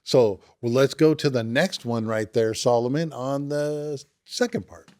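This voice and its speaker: A man's voice: medium pitch, a little slow, a little mellow. A man co-hosting a sobriety podcast, talking in an enthusiastic, rambling way. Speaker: podcast co-host. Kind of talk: casual recovery podcast talk.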